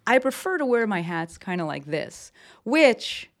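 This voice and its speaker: A woman's voice: medium pitch, sing-song, unhurried, vocal fry. A woman hosting a casual solo podcast from her desk, talking enthusiastically and rambling with lots of fillers and restarts. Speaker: podcast host. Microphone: desk mic with camera.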